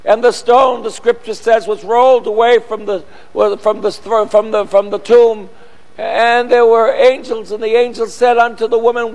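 A man preaching a sermon, emphatic and repetitive, building from quiet phrases to shouted lines. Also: very high-pitched, flat delivery, moderate pace. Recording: long echoey hall.

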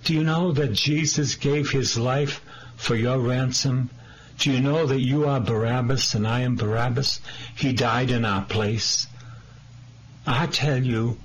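A man preaching a sermon as a priest, slow and earnest, pressing his listeners with direct questions. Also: mid-range voice, fairly bright tone, poor audio.

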